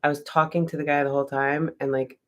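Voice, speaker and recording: A woman's voice: sits low, level tone, quick pace. A woman casually telling a personal story, rambling with lots of "like" fillers and swearing freely. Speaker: vlogger.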